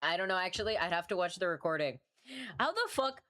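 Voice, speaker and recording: Low-voiced tired woman chatting while drawing. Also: sing-song, fast talker, sharp tone. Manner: rambling, self-mocking, swears freely. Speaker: artist streamer. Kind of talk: casual livestream chat while drawing.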